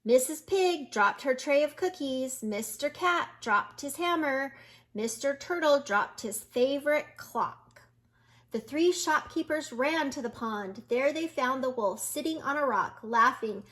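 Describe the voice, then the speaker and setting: An older woman reading a children's picture book aloud in a gentle, slow manner, pointing out the pictures. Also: high voice, expressive.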